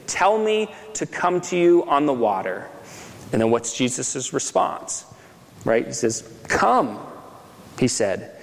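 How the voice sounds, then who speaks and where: Male pastor, slightly high voice, chatty sermon delivery with "right?" asides, reverberant hall sound. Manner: conversational, frequent "right?" asides and restarts.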